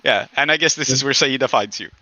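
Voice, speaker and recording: Bright, dry-sounding male game master. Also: medium pitch, fast, no echo, poor audio. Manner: easygoing, laughs often. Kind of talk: running a tabletop game.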